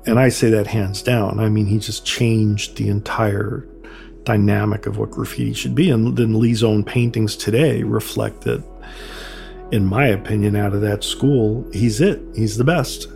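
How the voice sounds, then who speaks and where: An older man, a graffiti artist telling stories from his career in a relaxed, conversational way. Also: a little slow, creaky. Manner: conversational, acts out quotes with raised pitch. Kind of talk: reflective storytelling. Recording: soft music underneath.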